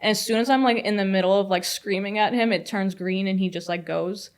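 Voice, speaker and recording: A young woman telling a personal story as a podcast guest, fast and chatty with many fillers. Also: medium pitch, smooth. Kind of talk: casual storytelling.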